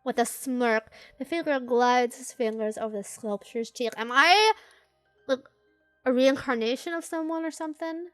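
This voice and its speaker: A woman's voice: high-pitched, moderate pace, clean tone, no echo, faint music behind. A young woman hosting a gaming video, reading a game's narration aloud and cracking jokes back at the characters. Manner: animated, joking, talks back to the characters. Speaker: gaming channel host. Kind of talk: reading a game aloud with live commentary.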